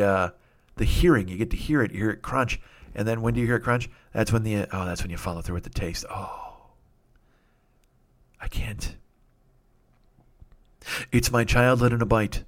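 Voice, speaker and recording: A middle-aged man doing a rambling, profane comedic monologue as a podcast host, breaking into sudden loud outbursts. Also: medium pitch.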